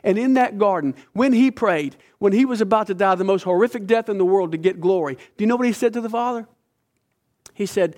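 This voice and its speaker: A middle-aged male preacher delivers a sermon to his congregation in a somewhat high voice. His delivery is dramatic and impassioned, dropping to near hushes and then rising sharply in force. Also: animated, fairly quick. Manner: impassioned, dramatic delivery with sudden swings in loudness.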